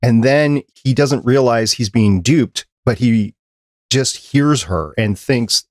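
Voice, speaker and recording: A man with a mid-range voice recaps a film for a podcast in a relaxed, talky way. His voice sounds close and dry, with no room around it. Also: medium pitch, unhurried, no room sound. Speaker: podcast co-host. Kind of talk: casual chat.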